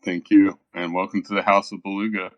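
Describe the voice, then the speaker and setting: A man with a very low, flat voice speaks haltingly and says um often. He comes across as shy and soft-spoken. The sound is dry and dull, like a lo-fi call. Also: no echo. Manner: soft-spoken, hesitant, full of ums. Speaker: featured artist. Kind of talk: casual voice-chat talk.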